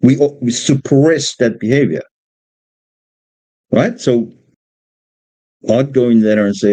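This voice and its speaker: A man from Australia, a father, speaking informally about raising children, halting and repeating words as he tells stories about his young son. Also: medium pitch, dark tone, dry recording, low-quality recording. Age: adult parent of a two-year-old. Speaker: speaker giving a religious exposition on parenting. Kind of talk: informal talk with personal stories.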